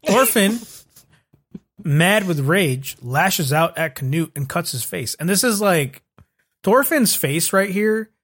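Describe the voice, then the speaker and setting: A young man hosts a casual recap chat, his voice sitting a little above the usual male pitch. He talks loosely and swears freely, leaning on filler words as he goes. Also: expressive, slow pace, a bit bright, husky. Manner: loose and profane, filler-heavy. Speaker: podcast host.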